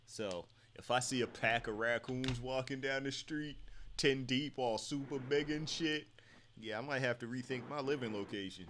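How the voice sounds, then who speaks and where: A man's voice: mid-range voice, moderate pace, background noise. A young man chatting casually as a co-host, telling loose stories with plenty of swearing and laughter. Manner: laid-back storyteller, heavy swearing, laughs often. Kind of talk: casual chat.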